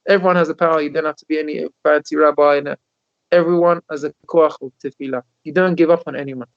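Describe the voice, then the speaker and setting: A man, a rabbi, telling stories in a Torah class over a video call, animated and often repeating his words. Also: fairly high pitch, fast. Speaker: rabbi teaching a Torah lesson. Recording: dull lo-fi video call audio.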